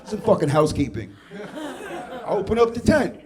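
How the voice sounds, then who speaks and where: A man's voice: high voice, wildly swooping pitch, moderate pace, noisy background. A man from Queens doing a brash, profane stand-up comedy set on a club stage. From Queens, New York. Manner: brash, profane, acts out dialogue. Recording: live club with audience laughter. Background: crowd laughing.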